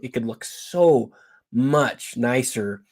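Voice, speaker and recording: A man's voice: medium pitch, slow. A man appearing as a guest collector, chatting about sports cards with frequent fillers and restarts. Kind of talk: casual expert commentary.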